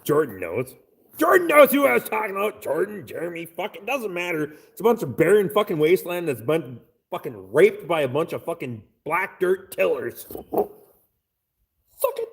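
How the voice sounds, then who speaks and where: Reading chat aloud during a live stream, a gravelly, somewhat high-voiced man responds in a blunt, offhand manner at a moderate pace. He swears in nearly every line, and his voice rises and falls in big swings.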